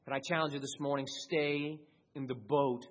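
A man preaching a sermon as pastor, swinging between loud raised peaks and quiet low passages, with a husky voice. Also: steady tone, moderate pace, a little hiss or hum.

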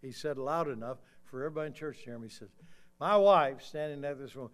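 An older man delivers a sermon in a church. He tells a personal story in a conversational way, then builds to loud, forceful emphasis before leading a quiet prayer. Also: medium pitch, steady tone, racing. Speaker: preacher. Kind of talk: sermon with altar call. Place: church sanctuary.

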